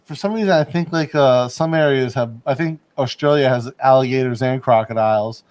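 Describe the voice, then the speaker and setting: A man's voice: mid-range voice, a little fast, darkish tone, clear, resonant tone. A man hosting a casual livestream chat from a studio in Bangkok. He rambles, laughs often and hedges his points. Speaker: livestream host.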